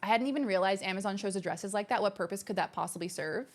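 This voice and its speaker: A woman hosting a livestream from her home streaming room, chatting casually and reading out viewer messages in a bubbly, gushing way that is quick to exclaim. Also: medium pitch. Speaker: livestream host.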